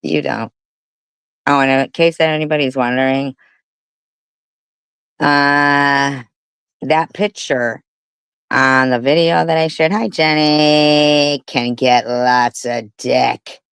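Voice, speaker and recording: A woman's voice: extremely low pitch, steady tone, takes it slowly, long pauses, fairly bright tone, clear, resonant tone, dry recording, rough recording. A woman hosting a livestream, talking in a profane, mocking and disgusted way. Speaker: livestream host. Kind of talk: casual livestream commentary.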